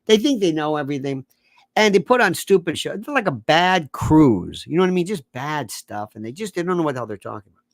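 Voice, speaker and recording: A man rants sarcastically about politics in a lively, swooping voice that jumps from shouts to low mutters. He sounds close to the microphone in a dry, unechoing space. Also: no echo. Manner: sarcastic, mocking, puts on quick voices of others. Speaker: political commentator. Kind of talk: animated political rant.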